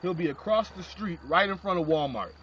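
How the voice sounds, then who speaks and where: A man's voice: high-pitched, expressive, fairly quick, fairly bright tone, slight background noise. A man voicing a street bum giving directions in a plain, offhand way, on a lo-fi phone recording. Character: street bum, older man, matter-of-fact.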